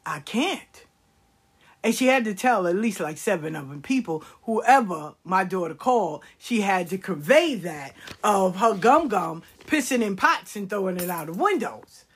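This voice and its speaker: A middle-aged woman and grandmother telling comic stories in a casual, animated, profane way, swinging between loud exclamations and hushed asides. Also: medium pitch, measured pace, slightly rough. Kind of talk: casual comic storytelling monologue.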